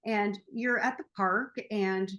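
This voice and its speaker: A woman's voice: medium pitch, fairly even intonation, slow, a bit bright. Playful, chatty woman host. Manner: playful and chatty, laughs at herself. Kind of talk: casual talk to camera.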